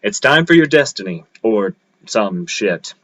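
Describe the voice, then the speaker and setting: A man's voice: lowish voice, big pitch swings, a little slow, a bit bright, a little hiss or hum. A man reading aloud, voicing a crude, sarcastic male spirit that speaks from a magic knife. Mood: mocking. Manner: mocking, profane.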